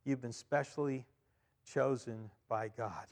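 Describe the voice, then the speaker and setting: A man preaching a sermon as pastor, emphatic, repeating key phrases and swinging between loud and quiet. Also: mid-range voice, fairly even intonation, takes it slowly. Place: church. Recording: long reverb of a church hall.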